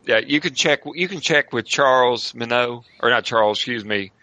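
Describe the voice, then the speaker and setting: A man's voice: mid-range voice, moderate pace, bright, forceful tone, low-quality recording. A man running a tabletop horror game as game master, talking in a rambling way and often stopping to search for names.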